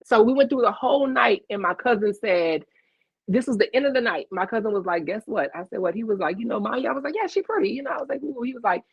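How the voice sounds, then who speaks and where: A woman's voice: fairly high pitch, quick pace, slightly rough, no room sound. A woman with a Louisiana accent telling a story on a video call, acting out the dialogue. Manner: animated, acts out quoted dialogue. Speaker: interview guest. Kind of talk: casual storytelling. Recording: dull lo-fi video call audio.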